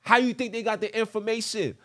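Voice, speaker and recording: A man's voice: high-pitched, fairly even intonation, fairly quick, fairly bright tone. A man hosting a podcast, reading a text aloud and breaking off into emphatic, preachy commentary. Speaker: podcast host.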